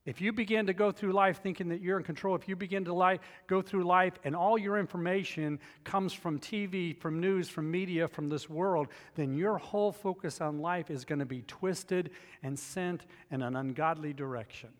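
A man's voice: high-pitched, normal speed, few pauses, long reverb tail. A man preaching a sermon as pastor, emphatic and repetitive, telling personal stories to make his points.

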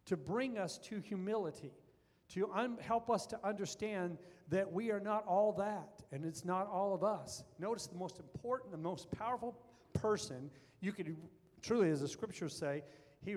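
Man, pastor, high voice, earnest sermon, echoing large hall. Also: darkish tone. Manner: earnest preaching, building to fervent emphasis. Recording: long reverb of a large hall.

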